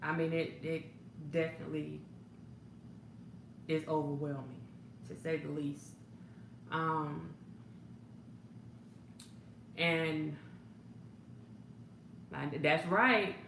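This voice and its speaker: A woman's voice: deep voice, steady tone, drawn-out words, gravelly, pauses often, fairly bright tone. A woman life coach hosting a casual livestream, greeting viewers by name in a laid-back way with frequent ums and laughs. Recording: echoey room, faint background noise.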